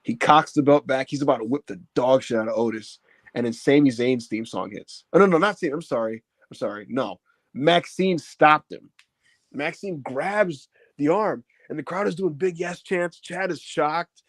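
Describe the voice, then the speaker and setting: A man recapping a wrestling show in casual chat, telling it with lots of fillers and acting out the quotes in big shouts. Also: on the high side, normal speed, no room sound. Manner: animated retelling, acts out quotes in raised shouts.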